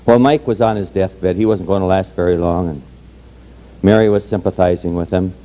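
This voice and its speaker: A hoarse man telling folksy jokes to an audience in a parlor. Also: sits low, steady tone, normal speed, warm tone. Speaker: entertainer telling Irish jokes.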